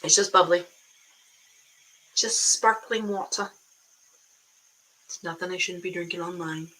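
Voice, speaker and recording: A woman with a Boston accent giving blunt, animated motivational talk to camera as an online business coach, often tagging her points with "right?". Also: on the low side, a little slow, poor audio.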